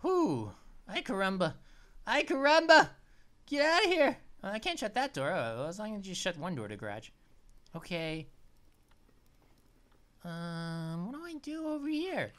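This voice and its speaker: Excitable woman playing a horror game. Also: lowish voice, normal speed, pauses often. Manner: excitable and easily startled, chatty. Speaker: let's play host. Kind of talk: casual gameplay commentary.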